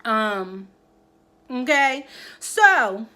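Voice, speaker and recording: A woman's voice: a little high, extremely slow. A woman recapping a TV drama episode in casual chat, acting out the characters' lines and talking straight to her viewers. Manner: animated storytelling, acts out the characters' lines; addresses viewers directly, keeps checking in with "okay?". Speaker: TV episode reviewer.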